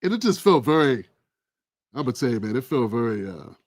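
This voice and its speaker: A man hosting his own political commentary livestream, talking in an animated, preachy, colloquial way. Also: mid-range voice, brisk, no room sound, studio quality. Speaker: livestream host.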